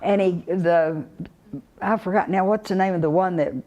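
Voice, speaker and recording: A woman's voice: on the low side, moderate pace, dark tone. An older woman with a Texan accent, telling stories of her acting career to a live audience in a folksy way, chuckling often and wandering through fillers. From Texas. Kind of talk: unhurried storytelling to a live audience.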